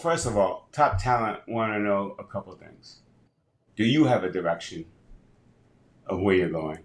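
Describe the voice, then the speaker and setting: A man in his sixties, a business advisor and speaker, appears as a podcast interview guest, speaking at a moderate pace in a lowish voice. He tells stories energetically and acts out the dialogue, and the recording has a roomy echo.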